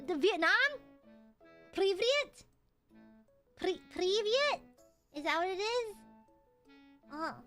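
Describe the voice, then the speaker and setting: A woman's voice: very high-pitched, fairly bright tone. A young woman streaming and chatting casually with her viewers, giggling often and playfully whining. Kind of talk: casual livestream chat.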